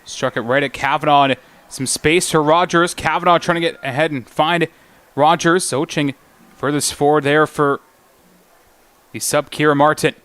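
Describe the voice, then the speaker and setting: A man's voice: fairly high pitch, steady tone, a bit bright, clear, resonant tone. A man calling live women's football play-by-play, naming players as the action moves. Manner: brisk play-by-play calling names. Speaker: play-by-play commentator.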